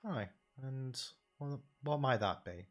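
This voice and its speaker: A shrewd, folksy adventurer, as a man plays him, drawling through his lines at a mid-range pitch. His tone is curious and leisurely, suited to a tabletop fantasy game. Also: lively intonation, slow, lo-fi sound, faint music behind. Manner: drawling, folksy phrasing with "aye" and "reckon".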